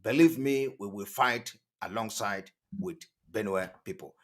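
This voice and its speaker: A man hosting an online channel, delivering emphatic, repetitive political commentary that rises to loud outbursts. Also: on the low side, unhurried. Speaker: online TV host.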